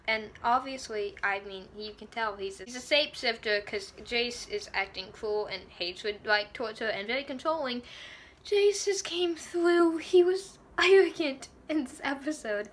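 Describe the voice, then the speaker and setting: A woman reviewing a TV episode in a casual fan vlog, gushing and excitable, often laughing mid-sentence. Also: on the high side, moderate pace.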